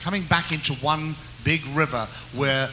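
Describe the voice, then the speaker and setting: A man's voice: fairly high pitch, moderate pace, sharp tone, a little hiss or hum, poor audio. A man interviewing a guest, asking long questions that stop and restart along the way. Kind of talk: conversational interview.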